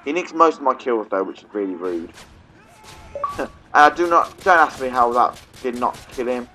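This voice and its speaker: A man's voice: medium pitch, expressive, moderate pace, pushed and bright, faint music behind, rough recording. A young man from England with a Midlands accent, ranting casually over gameplay and often asking "okay?". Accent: English Midlands. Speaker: gaming YouTuber.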